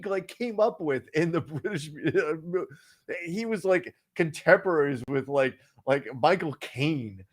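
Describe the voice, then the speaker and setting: Casual, profane man co-hosting. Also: high voice. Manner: profane and digressive, laughs often. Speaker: co-host. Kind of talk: casual podcast chat.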